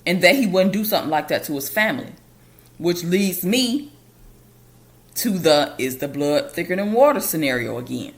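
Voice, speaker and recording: Female podcast host, lower register, casual storytime delivery. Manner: casual and conversational, with loose colloquial grammar.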